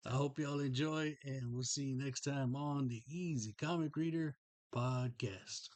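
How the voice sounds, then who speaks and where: A man's voice: mid-range voice, measured pace, a little mellow, dry recording. A middle-aged man, hosting a podcast and telling a rambling, folksy story about a collectible. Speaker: podcast host. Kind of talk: casual show-and-tell chat.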